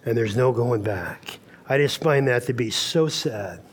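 A man's voice: medium pitch, animated, measured pace, husky. A man preaching a sermon at a camp meeting, telling Bible stories and acting out the dialogue. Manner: storytelling, acts out dialogue in quotes.

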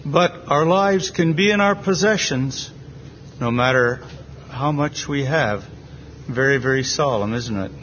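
Slow, earnest North American preacher. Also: male voice, medium pitch, a bit bright, a little hiss or hum. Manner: earnest, deliberate, with pauses. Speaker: preacher at a Bible reading. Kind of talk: slow, measured Bible exposition. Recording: dull lo-fi meeting recording.

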